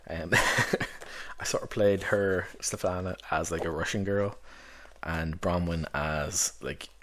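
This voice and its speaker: A man's voice: low voice, fairly even intonation, slow pace, a bit bright. A man who runs tabletop games, chatting casually and loosely about books he recommends, with lots of fillers. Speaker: tabletop game master reviewing books. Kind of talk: casual rambling book review.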